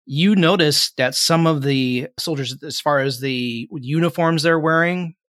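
A man's voice: fairly high pitch, measured pace, a bit bright, no room sound, studio quality. A man narrating a tabletop game as game master, describing scenes in a rambling way with many fillers.

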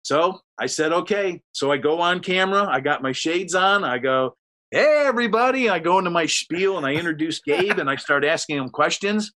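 A man spins a loose, rambling anecdote in casual conversation, voicing each person in the story as he goes. His voice is bright and ringing and sits a little high. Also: normal speed, hardly any pauses. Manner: rambling, animated, acts out quotes. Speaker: storyteller guest.

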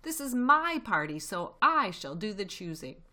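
A woman's voice: medium pitch, big pitch swings, measured pace, bright, forceful tone, voice pushed up. A woman reading a storybook voices a clever, gleeful fox father who gives grand orders. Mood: commanding.

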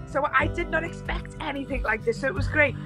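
A woman with a Scouse accent, a podcast guest chatting casually and telling lively stories, swearing freely. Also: high voice, fairly quick, over music. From England. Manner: lively storyteller, swears freely, laughs often.

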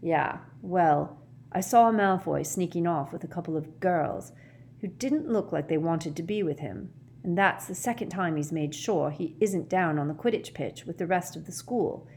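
A woman's voice: on the low side, normal speed, a little mellow, slight background noise, natural voice. A woman voicing a frustrated teenage boy who speaks in an angry, clipped way.

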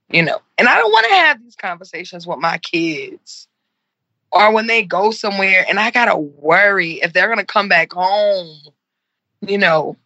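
A woman's voice: medium pitch, lively intonation, normal speed, bright, forceful tone, no room sound, highs cut off. A woman in her forties, speaking earnestly and with passion in an interview and repeating herself for emphasis. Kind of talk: heartfelt conversational interview.

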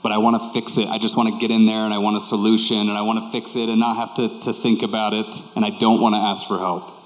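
Male preacher, low voice, candid conversational sermon delivery, long reverb of a large hall. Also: little pitch movement, quick pace. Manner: conversational and candid, repeating key phrases. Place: church hall with congregation.

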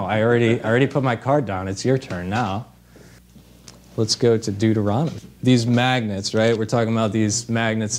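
A man preaching an informal sermon in a conversational way, with fillers and restarts. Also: mid-range voice.

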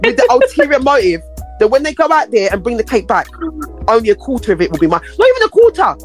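Brief: middle-aged woman, podcast co-host, fairly high voice that leaps all over the place as she tells a story, faint music underneath. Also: fast. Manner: animated storyteller, acts out quotes with big pitch swings. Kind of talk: casual chat.

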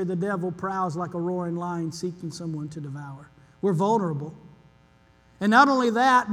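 A man's voice: high-pitched, fairly bright tone. A man preaching an earnest sermon as pastor, leaning on emphatic repetition. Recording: long hall reverb.

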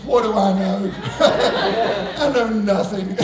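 A middle-aged male pastor telling a story in a sermon, animated, laughing and bursting into shouts. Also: high-pitched, drawn-out words, pauses often, a little hiss or hum. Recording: echoey room heard from a distance.

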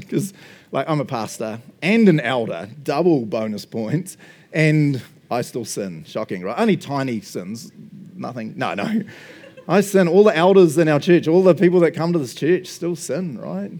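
A man, a pastor, gives a relaxed, chatty sermon. His voice sits a little on the high side. He jokes constantly and laughs between points. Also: normal speed. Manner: chatty and jokey, tag questions like "right?" and "eh?"; laughs often, acts out little quoted exchanges. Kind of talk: casual sermon.

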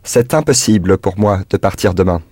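A man's voice: sits low, lively intonation, a little fast, darkish tone, slightly rough, dry recording, studio quality. A man answering as a student in a language lesson, repeating practice sentences carefully.

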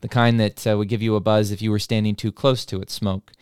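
A man with a somewhat low, smooth voice tells a story in a relaxed, casual way. He chuckles as he goes, and the recording is dry and close with no room sound. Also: brisk, dry recording. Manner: relaxed, chuckles through his own story.

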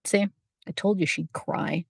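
A woman's voice: lowish voice, a little slow, gravelly, breathy edge, dry recording, clean studio sound, heavily acted. Woman doing a smug teasing boy. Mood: mocking. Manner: mocking, offhand. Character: smug boy game master, callous and teasing.

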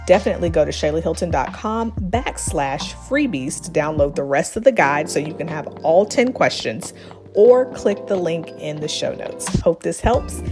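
A woman's voice: low voice, lively intonation, moderate pace, over music. A woman reading a scripted promo segment in an encouraging tone, listing reflection questions. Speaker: podcast host.

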